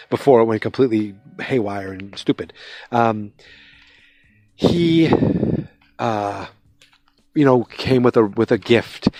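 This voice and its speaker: A man talks through a TV episode in a loose, rambling recap, stopping often to restart his sentences. His voice sits at an ordinary middle pitch, and the sound is dry and close, with almost no room around it. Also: darkish tone, no echo. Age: adult, with a father-in-law. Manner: rambling, many fillers and restarts. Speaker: podcast host. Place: outdoors, with passing vehicles.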